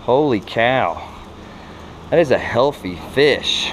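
A man, filming himself fishing for bass and exclaiming at each catch. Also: takes it slowly. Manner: excitable, exclaims often, laughs a lot. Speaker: fishing vlogger. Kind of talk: excited outdoor commentary. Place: outdoors by a creek under a bridge. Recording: noisy outdoor camera audio.

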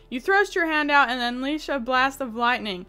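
A woman's voice: high-pitched, lively intonation, a little slow, bright, forceful tone, clean tone, soft background music. A woman gaming YouTuber reading a text adventure aloud and reacting with frequent laughter, swearing and exclamations of disbelief.

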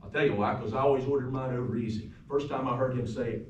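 A man, a pastor, delivering a funeral eulogy, telling anecdotes that sometimes drop to a soft, quiet tone. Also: mid-range voice, steady tone, fast talker, hardly any pauses, muffled recording, noisy background. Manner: storytelling, warm anecdotes, turns soft and quiet at times. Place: funeral home chapel. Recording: echoey room from far off.

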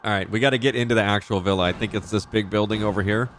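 A man's voice: on the low side, fairly even intonation, a bit bright, slight background noise. A young man chatting casually and swearing freely while playing through a crime roleplay game. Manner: loose, swearing, quick reactions. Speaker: roleplay streamer. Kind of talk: casual in-character game chat.

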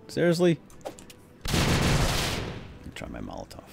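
A man hosting a let's play video, commenting on a boss fight with excited exclamations. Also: lowish voice, slow pace, creaky, long pauses, music in the background. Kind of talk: gameplay commentary.

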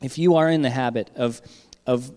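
A man's voice: mid-range voice, moderate pace, warm tone, big-room sound. A man giving a sermon as pastor, talking conversationally and checking in with the congregation with frequent "all right?".

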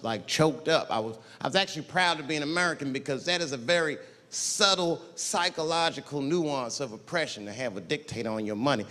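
A young adult man doing a stand-up comedy set, telling profane stories and acting out characters in loud, high voices. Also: in a large hall.

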